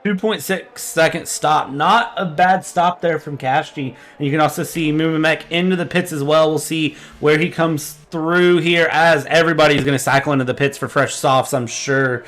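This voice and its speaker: A young man giving fast, energetic live commentary on an online sim race. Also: fairly high pitch. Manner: energetic, quick play-by-play.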